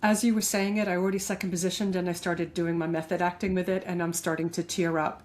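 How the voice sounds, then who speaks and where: A woman co-hosting a podcast who speaks in a gentle, earnest way. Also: lowish voice, little pitch movement, fast talker. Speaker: podcast co-host. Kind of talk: podcast discussion.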